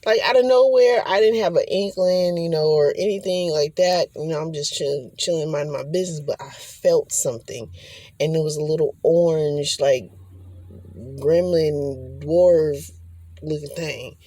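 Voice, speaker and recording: A woman's voice: low-pitched, a little slow, dark tone, no echo. A woman talking straight to the camera in a rambling spiritual vlog, swearing freely and often slipping into acted quotes. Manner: profane, rambling, acts out quotes. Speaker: spiritual vlogger. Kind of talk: casual rambling monologue.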